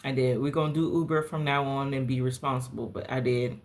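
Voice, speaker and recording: Candid, animated woman telling stories. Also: brisk. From South Carolina Lowcountry. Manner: animated, candid, dramatic pitch swings. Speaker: podcast host. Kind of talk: casual personal storytelling.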